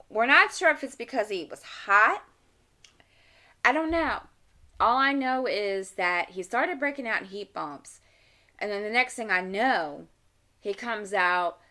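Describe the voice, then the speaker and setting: A middle-aged woman who hosts a channel chats casually at home while crafting, rambling and talking to herself as she works. Her lowish voice sounds pushed and bright, picked up by a desk mic.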